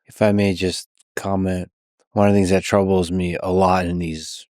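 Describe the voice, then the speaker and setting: A man hosting a podcast, asking measured, earnest questions in an interview. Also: low-pitched, level tone, darkish tone, no room sound, clean studio sound. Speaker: podcast host. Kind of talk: interview conversation.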